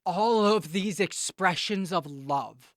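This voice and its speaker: Emphatic high-voiced man giving advice. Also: takes it slowly, fairly bright tone, no echo, clean studio sound. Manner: emphatic, scolding repetitions and preachy confiding. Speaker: vlogger giving relationship advice. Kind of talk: casual advice monologue to camera.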